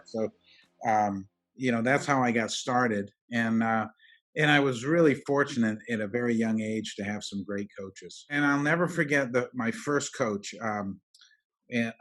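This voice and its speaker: A middle-aged man, a roofing company president, telling his story in an interview, halting with many restarts and fillers. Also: mid-range voice.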